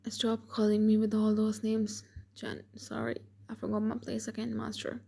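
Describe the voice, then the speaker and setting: Hurt young woman maid, bitter and formal, read by a woman; dark, husky tone. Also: medium pitch, completely flat delivery, normal speed.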